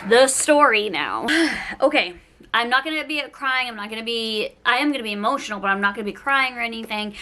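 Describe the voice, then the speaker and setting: Bright-voiced, emotional woman vlogger. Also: a little high, animated, brisk, a little hiss or hum. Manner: emotional, rambling, says "like" a lot. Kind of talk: casual personal vlog. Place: at home.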